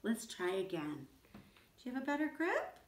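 A woman music teacher giving a children's lesson, talking to young kids in a slow, sing-song way. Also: fairly high pitch, huge pitch swings. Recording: echoey room with faint noise.

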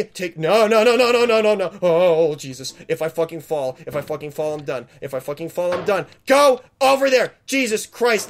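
A man playing a video game and commenting, panicky and swearing, pleading with the game and yelling when he fails. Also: a little high, a little hiss or hum. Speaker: gamer. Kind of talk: let's play commentary.

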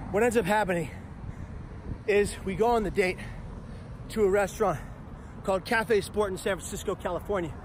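A man speaker telling a comedic personal story in a punchy, animated way with profane asides. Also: high-pitched, slight background noise. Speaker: motivational speaker.

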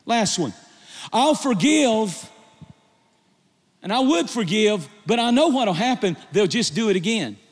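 A man preaching a sermon as a pastor on stage, moving between quiet storytelling and loud shouted exhortation. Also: very animated, unhurried, pauses often. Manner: preaching with rising intensity, shouting at climaxes; drops to a low, quiet storytelling voice. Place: large church hall. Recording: live sermon with long hall reverb.

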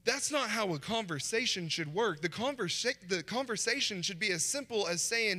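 High-voiced preacher in a reverberant hall. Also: male voice, expressive, normal speed, few pauses, sharp tone. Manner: conversational, acts out short quoted voices. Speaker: guest pastor. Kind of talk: sermon. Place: church sanctuary. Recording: long church hall reverb.

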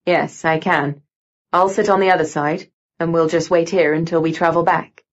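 A woman reading an audiobook voices a guarded young man with low, clipped, terse replies. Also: little pitch movement, moderate pace, dull audio. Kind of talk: audiobook dialogue.

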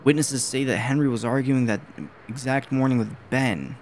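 Stern male private eye from a horror game, flat and plain, as a gamer reads him out. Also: mid-range voice, normal speed, a little hiss or hum, close to an everyday voice.

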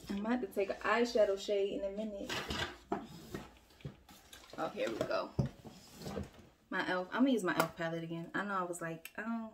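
A woman's voice: mid-range voice, steady tone, moderate pace, pauses often, background noise. Chatty woman vlogging makeup at home. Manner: chatty and self-mocking, talks straight to viewers. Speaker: beauty vlogger and mother. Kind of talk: casual get-ready-with-me chat. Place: at home, upstairs room.

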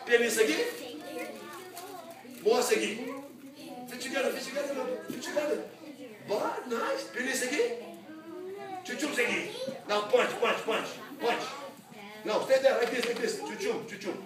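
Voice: medium pitch, crowd noise. Distant, echoing taekwondo instructor. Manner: brisk, repeated commands with loud yells. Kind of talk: coaching a children's class. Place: large echoey training hall. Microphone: camera far across the room. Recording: very echoey hall, voice from far off, noisy.

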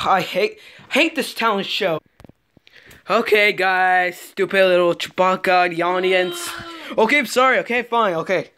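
A woman's voice: on the low side, unhurried, bright, forceful tone. A woman narrating and acting out a toy play, talking in a bossy, exasperated chatter.

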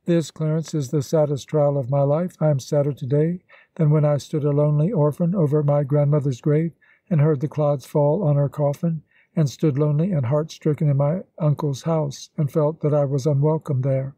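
A man reading the lines of an earnest young woman in an audiobook, speaking solemnly and in measured phrases. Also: on the high side, steady tone, warm tone, no room sound, natural voice. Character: earnest young woman renouncing her love.

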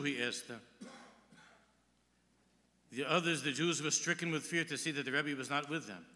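A man's voice: a little high, moderate pace, long pauses, sharp tone. A man giving a sermon as a rabbi, telling a story and quoting Hebrew texts with English translation. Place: large synagogue hall. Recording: long hall reverb.

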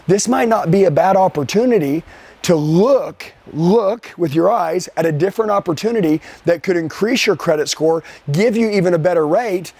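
A man leading a live sales training session for a team. He talks forcefully, keeps firing rhetorical questions at his listeners, and speeds up and slows down to drive points home. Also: high-pitched, slightly rough.

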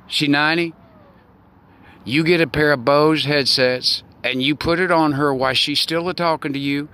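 A man in his sixties giving a rambling, preachy folksy monologue outdoors, with loud bursts. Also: a little high, slight background noise. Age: 60s. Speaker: online talk show host.

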